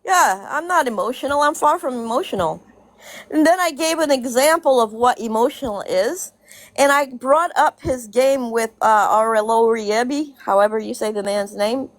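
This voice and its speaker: A woman's voice: high-pitched, expressive, moderate pace, no room sound. A woman in a casual vlog rant, blunt and profane, repeating her points for emphasis and laughing between them. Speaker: social media commentator.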